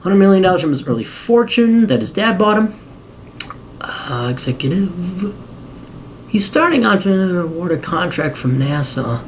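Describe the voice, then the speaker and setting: A man's voice: high-pitched, very animated, brisk, few pauses, a little hiss or hum. A man hosting a podcast who reads a biography aloud and breaks in with sarcastic, profane asides. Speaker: podcast host. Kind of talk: reading a biography aloud with commentary.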